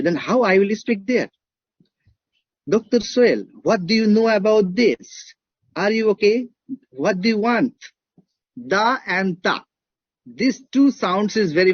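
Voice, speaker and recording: A man's voice: high-pitched, breathy edge, dry recording, dull audio. A man with an Indian accent giving a classroom lecture, emphatic and repeating his points while checking in with "right?".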